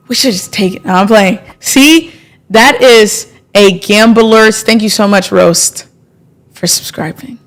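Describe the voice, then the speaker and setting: Young woman who hosts a casual live trading stream. Chatty and playful, gets excited easily. Mid-range voice. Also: mid-range voice, takes it slowly, faint music behind. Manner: chatty and playful, thanks subscribers, bursts of excitement. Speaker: livestream trading host.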